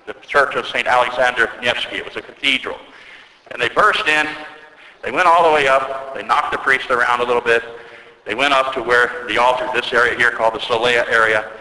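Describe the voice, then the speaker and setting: A man preaching an earnest sermon as an Orthodox priest, telling a story and slowing down to stress key words. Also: medium pitch, fairly even intonation, sharp tone. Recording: echoey church with long reverb.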